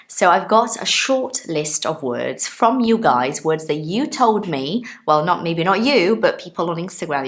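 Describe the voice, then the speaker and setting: Chatty woman teaching English, lively pitch. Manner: chatty, explains with examples, asks listeners questions. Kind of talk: casual online English lesson.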